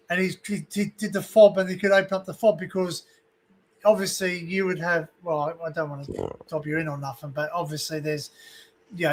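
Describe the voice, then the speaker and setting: A man hosts a casual panel chat over a video call. His voice sits high for a man, and he tells stories in an animated way, cursing freely. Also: slight background noise. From Australia. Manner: animated storyteller, swears freely. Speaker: livestream host.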